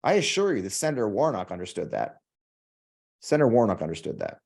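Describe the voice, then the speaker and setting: A man's voice: fairly low pitch, big pitch swings, fast talker, creaky, a little mellow. An American man hosting a podcast, in a heated political monologue, swearing often and repeating lines for emphasis. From United States. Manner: emphatic, preacherly build-ups. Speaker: podcast host.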